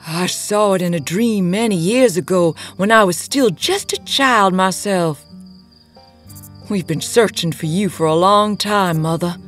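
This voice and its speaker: A woman voicing an awestruck male cult devotee who speaks in a reverent, hushed way. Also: mid-range voice, a little slow, soft background music, close to an everyday voice.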